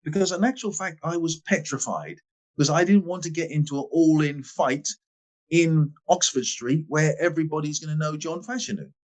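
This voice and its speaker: A man in his sixties from England, a guest in a podcast interview, telling stories with emphatic stress and quiet asides. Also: a little high, moderate pace. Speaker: guest, former footballer. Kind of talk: animated storytelling in a podcast interview.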